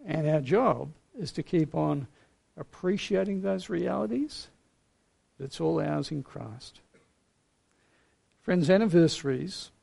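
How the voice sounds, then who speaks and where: Earnest gravelly pastor preaching. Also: male voice, fairly high pitch. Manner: earnest, warm storytelling with gentle pauses. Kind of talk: sermon.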